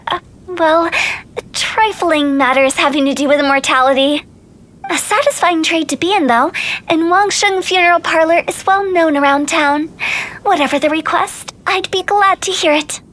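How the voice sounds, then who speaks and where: Hu Tao, a mischievous funeral director. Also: female voice, very high-pitched, fairly bright tone. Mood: breezy. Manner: teasing, breezy, morbid humor. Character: playful, mischievous young woman who runs a funeral parlor. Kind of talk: video game voice acting.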